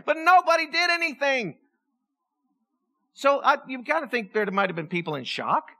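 Woman, pastor, joking sermon, lively pitch, bright tone. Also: normal speed. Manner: animated, joking, acts out voices. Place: church.

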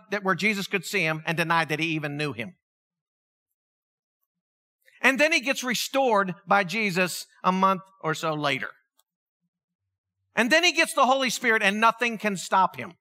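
A man with a high, very bright and forceful voice preaches to his church. He talks in a chatty, animated way, telling stories and laughing along with them. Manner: conversational, animated storytelling with laughs. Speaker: pastor. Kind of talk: sermon.

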